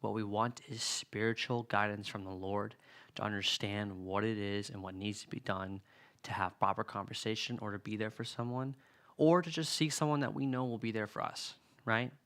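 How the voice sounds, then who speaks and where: A man's voice: lowish voice, fairly even intonation, moderate pace, fairly bright tone. A young man preaching in a casual, earnest way who often acts out the lines of everyday arguments. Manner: earnest, conversational, acts out quoted dialogue. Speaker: youth preacher. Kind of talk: sermon-style teaching on a book.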